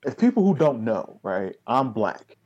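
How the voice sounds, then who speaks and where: A man's voice: medium pitch, measured pace, husky, dull audio. A young man, telling stories in casual chat, full of slang and fillers. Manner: animated storytelling with street slang, lots of "like" and "dog".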